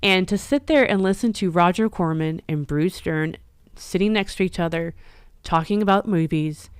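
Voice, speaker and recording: A woman's voice: fairly low pitch, moderate pace, clean tone, no echo. Emotional chatty woman with a lilt. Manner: emotional, teary and laughing, chatty. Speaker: livestream host and horror store owner. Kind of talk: casual live-stream chat.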